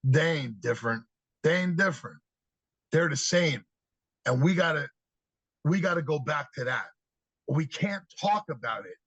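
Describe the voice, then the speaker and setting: A man guest on a podcast, telling lively stories about kids and acting out their replies in an energetic, conversational way. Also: fairly high pitch, moderate pace, long pauses, no echo, poor audio. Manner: animated storyteller, acts out kids' answers. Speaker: podcast guest, youth speaker. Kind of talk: storytelling interview talk.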